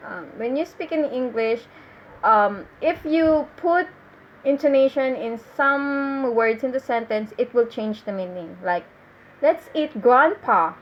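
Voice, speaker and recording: A young woman in her twenties from the Philippines with a Filipino accent, telling comedic stories to camera in a halting, self-correcting way. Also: fairly high pitch, lively intonation. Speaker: vlogger doing stand-up. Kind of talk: casual comedic monologue to camera. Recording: slightly muffled with faint noise.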